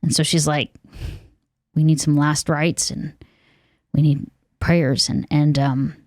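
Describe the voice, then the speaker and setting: A woman's voice: low voice, little pitch movement, takes it slowly, a little mellow, no echo, studio quality. A young adult woman from Texas, a podcast guest, telling a candid personal testimony with many fillers and acted-out quotes. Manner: earnest, candid, many fillers, acts out what people said.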